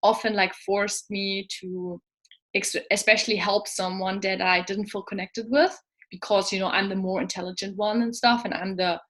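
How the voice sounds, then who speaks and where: Effusive woman with flat intonation. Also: medium pitch, normal speed. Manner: effusive, emotional sharing. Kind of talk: casual interview talk.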